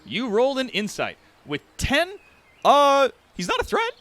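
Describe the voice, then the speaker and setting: A man's voice: very high-pitched, huge pitch swings, a little slow, fairly bright tone. A man narrating as game master in a casual, swearing, laughing way, with many fillers. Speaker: dungeon master.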